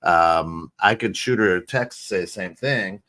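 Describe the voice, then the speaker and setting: A middle-aged American man co-hosting a podcast, talking in an animated, casual way, restarting phrases and often asking "right?". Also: deep voice, measured pace. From United States. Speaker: podcast co-host. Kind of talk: casual chat.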